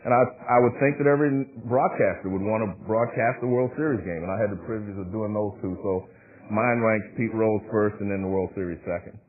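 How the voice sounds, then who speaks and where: A man who played ball and then became a broadcaster, earnestly recalling his highlights on a panel. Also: fairly quick. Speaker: former player turned broadcaster. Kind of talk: panel storytelling. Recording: tinny phone-like sound.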